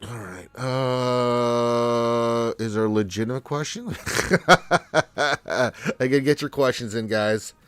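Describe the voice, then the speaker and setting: A man's voice: mid-range voice, fairly even intonation, unhurried, clean tone, no room sound. A man hosting a live question-and-answer stream, congested from allergies, talking in a rambling, laid-back way to his chat viewers. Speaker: livestream Q&A host.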